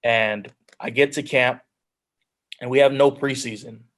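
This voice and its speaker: Young man, 20s, guest on a video call, earnest storyteller, mid-pitched, plain everyday delivery. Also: steady tone, unhurried. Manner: earnest storytelling, drops into quoted self-talk. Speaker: guest speaker, pro football player. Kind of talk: telling his life story on a video call.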